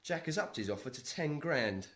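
A sly, sardonic British layabout. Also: male voice, on the high side, animated, normal speed, a bit bright. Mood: wry. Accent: British English. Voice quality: dry, wry. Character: scruffy broke man, sly and sardonic. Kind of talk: sitcom acting.

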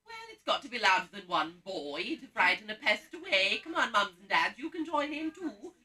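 An actor playing a vain, bossy pantomime dame cook on stage, loudly getting the audience to shout back. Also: male voice, high-pitched, very animated, normal speed, exaggerated voice. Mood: rousing. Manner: loud, camp, bossy, rouses the audience. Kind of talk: live pantomime stage acting. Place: theatre stage. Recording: distant stage sound from the hall.

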